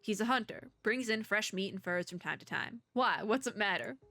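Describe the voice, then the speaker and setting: A woman voicing a hostile male small-town bartender, reading his game lines aloud in her own bright voice. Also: medium pitch, lively intonation, normal speed, no room sound. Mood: threatening. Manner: plain read-aloud of game dialogue.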